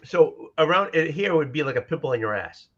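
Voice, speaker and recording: A man's voice: fairly high pitch, lively intonation, brisk, fairly bright tone. A man co-hosting a podcast in casual chat, teasing the others and laughing often. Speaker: podcast co-host. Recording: dull lo-fi sound.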